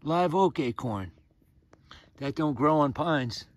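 By the fire in his rural mountain home, a man films on a handheld camera while teasing his cat in casual chat. His voice runs on the high side, with lively intonation, and he takes his time speaking.

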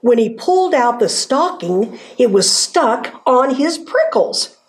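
A woman from a zoo staff reading a children's storybook aloud in a gentle, sing-song way, with hushed asides. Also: a little high, very animated, takes it slowly.

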